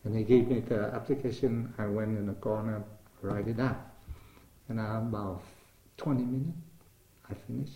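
A man's voice: on the low side, steady tone, moderate pace, gravelly, long pauses, warm tone, reverberant, poor audio. Older man telling his life story. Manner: non-native English, simple grammar. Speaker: interviewee. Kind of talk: oral history storytelling.

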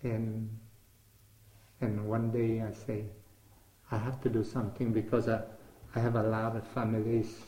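This older man from Vietnam has a dark, lowish voice with little pitch movement, speaking at a measured pace and pausing often. In Vietnamese-accented English, a second language for him, he tells his life story to an interviewer, acting out dialogue from memory and repeating words as he searches. The room sound is echoey.

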